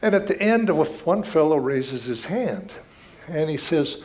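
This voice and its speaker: A man's voice: on the high side, big pitch swings, a little slow, a little mellow. A man giving an earnest, reflective spiritual talk at a ceremony, telling stories as he goes. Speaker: spiritual speaker.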